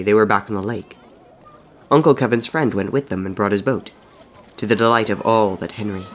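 A man narrates a story in a low-pitched, measured voice. He keeps his reading even and often drops to a soft delivery. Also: slight background noise.

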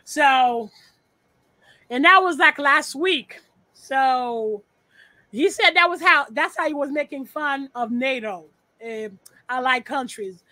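A woman's voice: high-pitched, slow, sharp tone, no room sound. A woman guesting on a podcast over a remote call, talking bluntly with profanity and repeating her points. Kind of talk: casual podcast chat.

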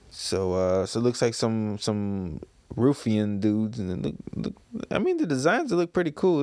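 A man's voice: medium pitch, a little mellow, no echo. Casual man talking through a comic. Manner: loose, filler-laden describing of pages. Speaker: comic reader, video host.

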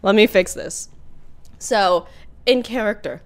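A woman's voice: a little high, unhurried. A young woman co-hosting a podcast, chatting casually and giggling as she reads a quiz aloud. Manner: giggly, animated, teasing. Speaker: podcast co-host.

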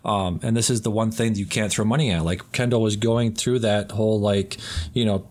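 Low-voiced man on a movie podcast. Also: steady tone, brisk, a little mellow. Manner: loose, rambling, swears freely. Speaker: podcast host. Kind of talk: casual chat.

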